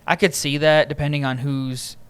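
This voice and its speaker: A man's voice: fairly high pitch, flat delivery, moderate pace, a bit bright, smooth. A young man hosting a podcast, rambling through casual stories and laughing often. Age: young adult. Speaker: podcast host. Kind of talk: casual chat.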